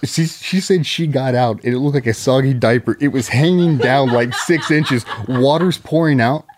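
A man's voice: mid-range voice, normal speed, background noise. A man telling rambling, profane anecdotes as a podcast guest in casual conversation. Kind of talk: casual storytelling.

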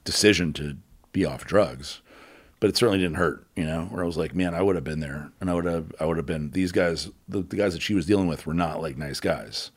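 A man candidly telling a personal story as an interview guest, halting, with many fillers and blunt swearing. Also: deep voice, husky.

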